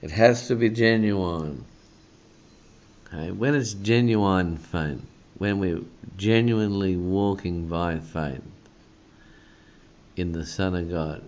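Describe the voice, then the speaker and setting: A male pastor preaching a sermon, slow and emphatic, often tagging on a questioning "hey?". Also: low voice, darkish tone. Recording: dull lo-fi sound.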